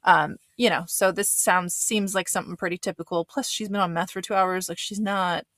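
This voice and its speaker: A woman's voice: lowish voice, fairly even intonation, a little fast, a bit bright, no echo. A woman giving a casual recap commentary of a reality show, blunt and swearing, with lots of fillers. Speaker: reaction commentator.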